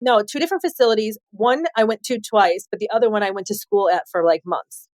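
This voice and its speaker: A woman in her forties from Chicago, telling her life story as a podcast guest, animated and laughing often as she acts out quotes. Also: medium pitch, fast talker, no room sound, clean studio sound. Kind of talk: candid storytelling interview.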